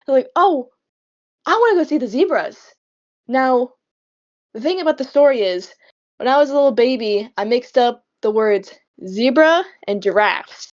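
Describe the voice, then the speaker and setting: A woman's voice: fairly high pitch, animated, normal speed. A young woman in casual chat as a podcast co-host, telling rambling stories with frequent laughs. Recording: dull lo-fi sound.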